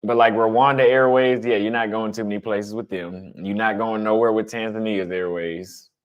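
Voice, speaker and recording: A man's voice: on the low side, fairly even intonation, moderate pace, clear, resonant tone, highs cut off. A man chatting casually with his audience about travel, blunt and conversational, repeating his points for emphasis. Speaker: travel vlogger answering chat. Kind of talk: casual livestream chat.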